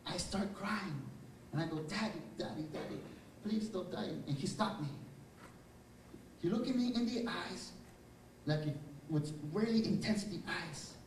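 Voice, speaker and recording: A man's voice: a little high, a little mellow, slight background noise. A spiritual teacher, a man, giving an inspirational lecture in a hall and telling personal stories in an earnest, reflective way. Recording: roomy hall, speaker far from mic, faint ambience.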